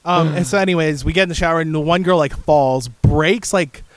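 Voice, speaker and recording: A man's voice: fairly high pitch, fairly quick, dry recording. A man co-hosting a casual podcast, rambling through a story and acting out what people said. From Canada. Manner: rambling storyteller, acts out quotes loudly. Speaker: podcast co-host. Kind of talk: casual chat.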